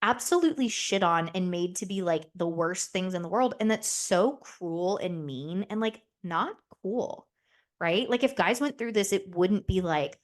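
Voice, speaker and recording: A woman's voice: fairly low pitch, animated, unhurried. A young woman hosting a podcast in casual, candid chat, swearing freely and acting out the voices in her stories. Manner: chatty, candid and profane, acts out quoted voices. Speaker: podcast host.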